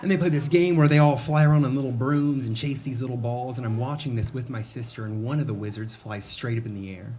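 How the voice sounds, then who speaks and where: A young man doing a stand-up comedy set on a club stage into a handheld mic, crude and mock-exasperated with a deadpan edge. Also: medium pitch, quick pace, few pauses, a little hiss or hum. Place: comedy club stage before a laughing audience.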